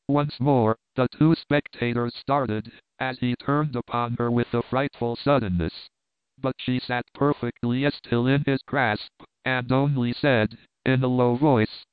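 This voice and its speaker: A man narrating a classic novel in a steady, measured storytelling manner. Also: mid-range voice, clean tone, no echo. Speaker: audiobook narrator. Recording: dry tinny phone-like sound.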